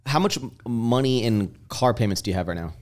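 Male host, casual interviewer, average pitch, restarts his questions. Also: animated, brisk. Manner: probing, stumbling over his questions. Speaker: podcast host.

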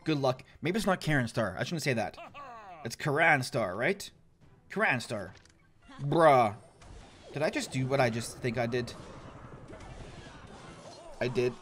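A man's voice: mid-range voice, animated, unhurried, long pauses. A young man giving casual, chatty gameplay commentary as a gaming YouTuber, self-mocking and laughing often.

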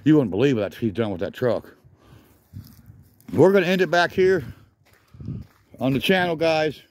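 A man's voice: on the high side, expressive, normal speed. Breathless man touring a junkyard. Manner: rambling, enthusiastic, names vehicles as he walks. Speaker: vlogger. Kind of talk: casual walk-around commentary. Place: outdoors at a junkyard.

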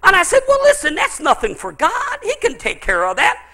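High, bright-voiced preacher telling stories. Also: male voice, wildly swooping pitch, a little fast. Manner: storytelling preacher, swings from loud exclaiming to low intensity. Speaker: pastor. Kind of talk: sermon.

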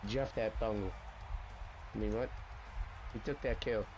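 A man giving casual, excitable gameplay commentary, swearing and making sound effects as he plays. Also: lowish voice, measured pace, lo-fi sound, over music.

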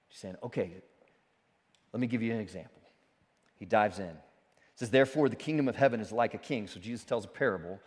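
A man preaching a sermon as pastor, speaking with animated emphasis and joking asides. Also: mid-range voice. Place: church sanctuary. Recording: church sanctuary with long reverb.

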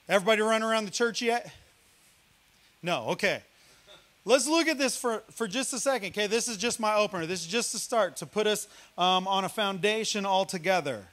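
A man from Missouri preaching a guest sermon in a high, bright-pitched voice. He talks loudly and sometimes yells. He teases the congregation between points. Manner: loud, yelling preaching style; playful, teasing the congregation. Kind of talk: lively sermon with jokes.

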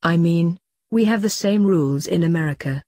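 A woman's voice: lowish voice, mellow, dry recording, lightly acted. A woman voicing a sassy, blunt teenage girl witch. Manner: blunt and quick.

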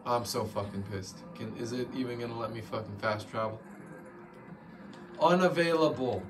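A man's voice: on the low side, little pitch movement, fairly quick, far from the mic, music in the background. A young man commentating his own gameplay, frustrated and swearing constantly. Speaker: gamer playing live. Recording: noisy background ambience.

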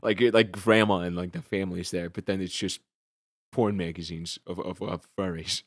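A man's voice: sits low, fairly even intonation, moderate pace, no echo, studio quality. A young man hosting a casual podcast, telling rambling stories full of fillers and restarts. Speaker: podcast host.

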